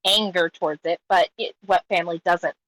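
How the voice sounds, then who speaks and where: A woman's voice: on the low side, steady tone, fairly quick, fairly bright tone, no echo, low-quality recording. A woman playing a tabletop game, describing her character in a rambling way with many fillers. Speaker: player.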